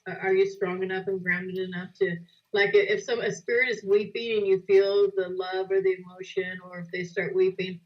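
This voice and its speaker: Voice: medium pitch, little pitch movement, moderate pace. Lo-fi host in earnest conversation. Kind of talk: casual conversation.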